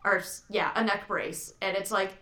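A woman's voice: medium pitch, steady tone, normal speed, pushed and bright. Chatty woman in an echoey room. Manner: chatty, anecdotal, laughs easily. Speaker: podcast co-host. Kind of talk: casual chat.

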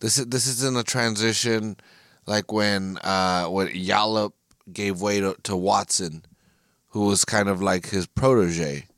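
A man's voice: on the low side, fairly even intonation, takes it slowly, a bit bright, dry recording. Profane American man ranting on a podcast. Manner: profane, frustrated, ranting with frequent restarts. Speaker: podcast host. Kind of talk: solo casual podcast rant.

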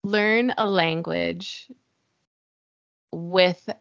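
A woman's voice: lowish voice, fairly even intonation, drawn-out words, vocal fry, no room sound. Chatty woman host, laughs a lot, dull muffled recording. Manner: chatty, laughs often, many fillers. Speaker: podcast host. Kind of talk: casual conversation. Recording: dull dry lo-fi sound.

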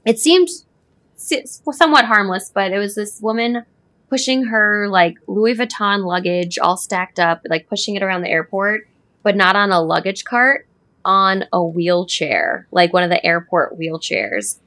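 A woman's voice: mid-range voice, unhurried, a bit bright. A woman comedy writer telling a wry anecdote as a podcast guest. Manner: wry, joking. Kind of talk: casual chat.

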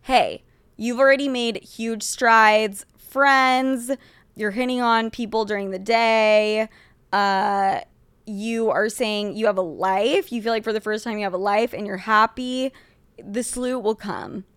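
A woman's voice: on the high side, slow pace, smooth, dry recording. A young woman hosting an advice podcast, talking bluntly and with lots of swearing as she answers listener letters. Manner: blunt, profane and animated, reading listener letters aloud. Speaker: podcast host. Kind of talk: casual podcast advice chat.

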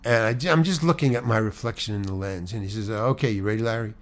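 A man who is a stand-up comedian, telling an animated, self-deprecating anecdote and acting out the quotes himself. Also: on the low side, fast. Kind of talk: anecdotal storytelling.

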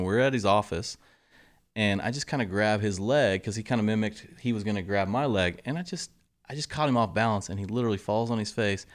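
Deep-voiced man telling stories. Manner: animated storyteller, acts out quotes, drops to a low murmur for asides. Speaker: golf coach telling stories as guest. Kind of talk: casual interview storytelling.

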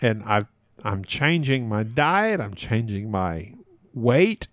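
A man's voice: on the low side, takes it slowly, no room sound. Dry-voiced man telling stories with laughs. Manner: animated, laughs often mid-sentence, self-deprecating. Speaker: podcast guest. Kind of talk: casual conversational storytelling.

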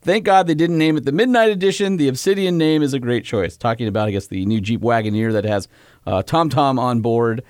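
Lively man co-hosting a car podcast. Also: mid-range voice, brisk, no room sound, studio quality. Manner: animated, laughs often, reads messages aloud. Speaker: podcast co-host. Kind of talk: casual chat reading listener mail.

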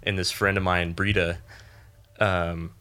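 A man with a rather low, bright, forceful voice, chatting loosely and swearing freely. He rambles through a story with plenty of fillers and jumps higher and louder when he quotes people. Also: measured pace, clean tone. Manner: laid-back storyteller, lots of fillers, swearing, animated when quoting. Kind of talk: casual chat, storytelling.

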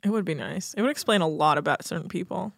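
A woman's voice: lowish voice, fast talker, vocal fry, no echo, clean studio sound. A young adult woman co-hosting a podcast, recapping a reality show in a chatty, sarcastic way with lots of fillers. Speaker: podcast co-host.

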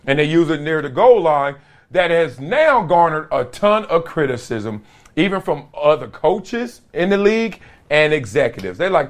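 A man's voice: fairly high pitch, sing-song, unhurried. A young adult man hosting a podcast in casual, slangy sports talk, laughing between jokes. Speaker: podcast host.

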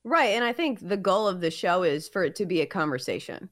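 A woman's voice: on the low side, animated, brisk, a bit bright. A woman co-hosting a sports betting podcast in casual conversation, often using "like" as a filler.

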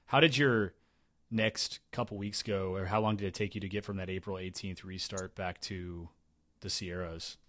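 A man hosting a casual interview, relaxed and blunt, who swears offhandedly. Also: sits low, normal speed, no room sound, studio quality. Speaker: podcast host.

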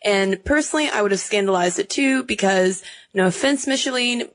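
A woman's voice: medium pitch, fairly quick. A young woman co-hosting a podcast, chatty and wry, laughing easily as she talks. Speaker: podcast co-host. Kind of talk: casual chat.

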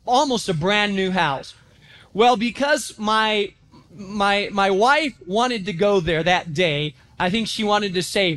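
A pastor preaching a sermon in a church, telling stories with animation and acting out quotes. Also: male voice, sits high. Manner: animated storytelling, acts out quotes.

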